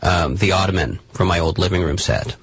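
Flustered stammering man, very raspy. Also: low-pitched, brisk, dry recording. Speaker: comedic performer. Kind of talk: improvised comedy sketch.

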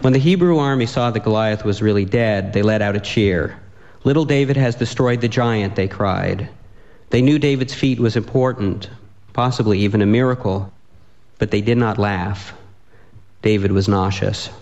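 A man reading a comic story aloud with a dry, deadpan delivery. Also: on the low side, normal speed, dull audio.

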